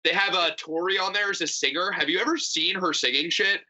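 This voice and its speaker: A man co-hosting a podcast, talking in a sarcastic, profane, animated way. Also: high-pitched, fairly quick, rough recording. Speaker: podcast co-host. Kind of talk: casual chat.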